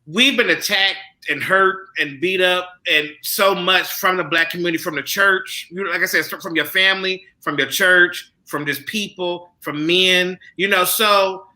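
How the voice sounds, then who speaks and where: Male co-host, high and sharp-toned, animated and chatty. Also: a little slow, few pauses, poor audio. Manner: animated, conversational, repeats himself. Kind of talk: panel discussion.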